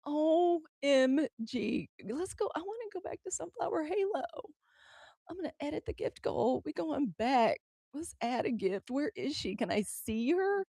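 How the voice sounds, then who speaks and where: An American woman on a live stream, chatting to her viewers and calling them y'all as she feels her way through the app settings. Her voice sits a little high, and the sound is close and dry, with no room around it. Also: lively intonation, unhurried, vocal fry, mellow, no echo. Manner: chatty, fumbling aloud with app controls, addressing viewers as y'all. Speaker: livestream news host.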